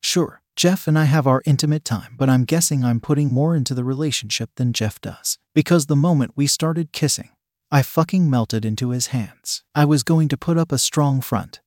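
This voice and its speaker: A man's voice: medium pitch, moderate pace, a little mellow, dry recording, studio quality. A man narrating an erotic story in a plain first-person reading.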